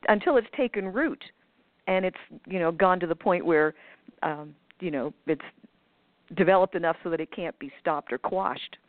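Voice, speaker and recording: A lower-voiced woman talks through her ideas in a loose, rambling way, full of fillers, restarts and quick acted-out asides. Her voice comes through a tinny, dry phone line. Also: no echo. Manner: acts out others' voices in quoted asides. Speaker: guest speaker on manifestation. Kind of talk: conversational explanation over a call.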